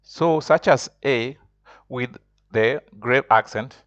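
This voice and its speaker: A man's voice: mid-range voice, slow pace, no echo, highs cut off. A man teaching a beginners' French lesson online, explaining step by step and repeating himself often.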